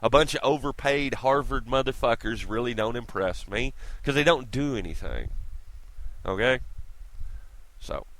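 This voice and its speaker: A man's voice: medium pitch, a little slow, fairly bright tone, poor audio. A man ranting to camera in a vlog, blunt and profane, with mocking street slang. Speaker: vlogger. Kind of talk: angry profane rant to camera.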